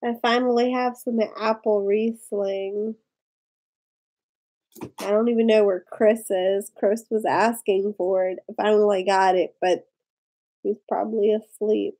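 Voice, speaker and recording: A woman's voice: mid-range voice, level tone, a little slow, mellow. A woman vlogger, drunk and rambling through a story, full of "like". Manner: rambling, lots of "like". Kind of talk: tipsy casual storytelling.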